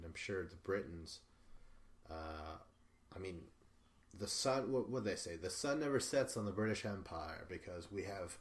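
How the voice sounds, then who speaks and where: Rambling, profane male podcast host. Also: sits low. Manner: rambling, profane, full of fillers and restarts. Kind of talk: casual solo recap.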